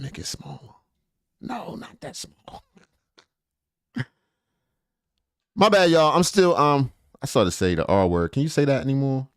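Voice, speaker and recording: A man's voice: low voice, no room sound, studio quality. A middle-aged man hosting a live stream in loose, joking chat, laughing often and swearing freely.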